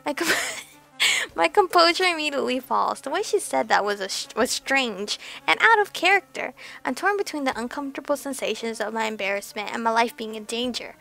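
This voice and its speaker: A woman's voice: fairly high pitch, animated, fairly quick, gravelly, pushed and bright, faint music behind. A woman hosting a let's play, reading a visual novel aloud with nervous, giggly, swearing reactions.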